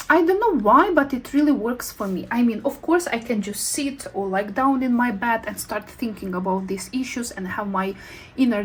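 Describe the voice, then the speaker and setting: A woman's voice: on the high side, slight background noise, rough recording. Woman in a personal health vlog. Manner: thoughtful, personal, pauses with fillers; non-native English phrasing. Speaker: health vlogger. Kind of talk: casual talking-head vlog.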